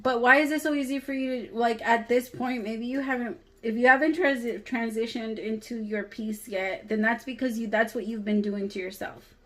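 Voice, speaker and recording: A woman's voice: on the high side, steady tone, normal speed, hardly any pauses, low-quality recording. Candid woman giving a casual tarot reading. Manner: candid, swears freely, talks straight to viewers. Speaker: tarot reader.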